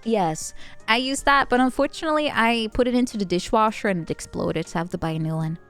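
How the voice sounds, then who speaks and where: A woman's voice: on the high side, fast, fairly bright tone. A young woman with a Dutch accent, a native Dutch speaker, streaming and chatting casually with viewers, giggly and playful. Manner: giggly, playful, chatty, reading chat aloud. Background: faint background music.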